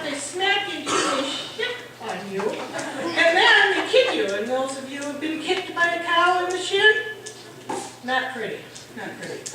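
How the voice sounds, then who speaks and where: A middle-aged woman with a high voice tells comic stories with lots of animation, jumping into little voices and laughing along. She is heard from a distance in a very echoey hall with a noticeable room hum behind her. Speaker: stand-up comedian. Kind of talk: stand-up storytelling. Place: hall at a holiday party.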